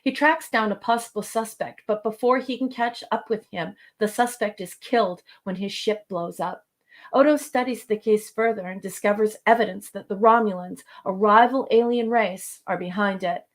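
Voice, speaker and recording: A woman's voice: mid-range voice, moderate pace. A woman co-hosting a podcast, talking affectionately and reading a summary aloud with many hesitations and ums. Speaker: podcast co-host. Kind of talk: casual chat, cold reading a summary.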